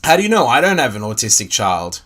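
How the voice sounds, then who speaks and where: A young man with an Australian accent runs his stream, taunting and swearing with a mocking edge. His pitch swings widely as he jeers. He talks in a casual, profane way. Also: very animated, fast talker, a bit bright.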